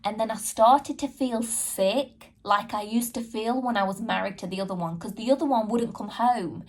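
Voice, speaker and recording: In a slightly high, slightly mellow voice, a woman hosting a podcast recounts a personal experience honestly and earnestly. She talks directly to her audience and replays her own past dialogue.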